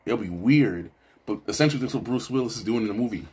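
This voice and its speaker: Husky-voiced man reflecting casually. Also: on the low side, animated, fast, a little mellow. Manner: reflective, loose, with fillers and asides. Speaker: video essayist. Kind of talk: casual film commentary.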